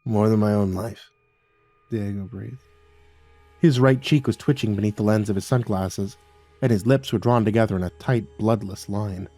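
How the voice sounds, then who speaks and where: A man narrating a scripted horror story in a calm, measured way. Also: on the low side, no echo, soft background music.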